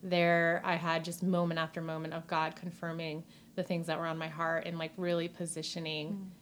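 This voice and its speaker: Earnest woman sharing faith, slightly low voice. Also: flat delivery, moderate pace, a little hiss or hum. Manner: earnest, heartfelt, many "like" fillers. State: emotional, near tears. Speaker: podcast guest. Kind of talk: faith-based casual chat.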